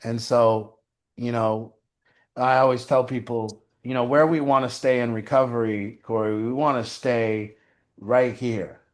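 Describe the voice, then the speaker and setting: A man giving casual recovery advice, animated and profane, with many fillers. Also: mid-range voice, measured pace. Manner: animated, swearing, frequent "you know". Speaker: recovery mentor.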